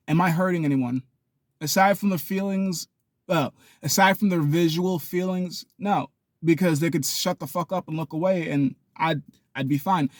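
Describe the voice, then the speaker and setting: A young man talking in a rambling, animated vlog monologue, now and then acting out other people with sudden loud high yells. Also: no room sound, studio quality. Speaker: vlogger.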